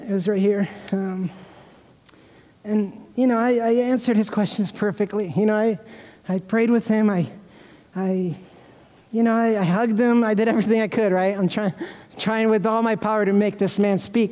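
High-voiced preaching man in a reverberant church. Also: steady tone, normal speed, dark tone. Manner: earnest, emotional preaching with repeated restarts. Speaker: pastor. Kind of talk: sermon. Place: church sanctuary.

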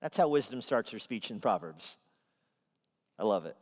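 A man's voice: lowish voice, lively intonation, normal speed, long pauses, in a large hall. A man preaching a sermon in a conversational way, sometimes acting out the voices he quotes. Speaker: pastor. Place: church sanctuary.

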